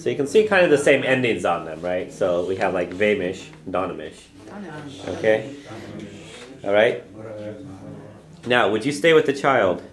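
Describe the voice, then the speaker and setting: A man's voice: lowish voice, animated, normal speed, pauses often. Patient man teaching a language class. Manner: patient, checks in often with "okay?"; models phrases for students to repeat. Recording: echoey room with class chatter.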